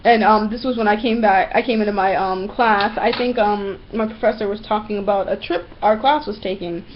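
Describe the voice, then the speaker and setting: A young woman vlogging at home, ranting bluntly and profanely about everyday pet peeves in a casual, animated storytelling manner. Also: medium pitch, brisk, lo-fi sound, slight background noise. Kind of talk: casual ranting monologue to camera.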